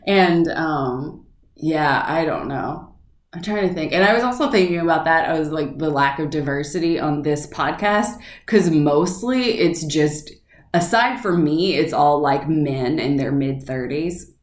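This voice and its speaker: A woman's voice: low-pitched, a little slow, reverberant. A woman with a Southern accent, co-hosting a podcast in casual chat, telling stories and laughing often. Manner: laughing often, rambling storyteller. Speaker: podcast co-host.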